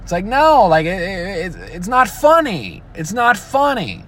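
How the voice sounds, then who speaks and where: A man's voice: sits high, sing-song, a little slow, fairly bright tone, a little hiss or hum. A man ranting casually and profanely, often breaking into mocking imitations of other people. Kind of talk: casual rant.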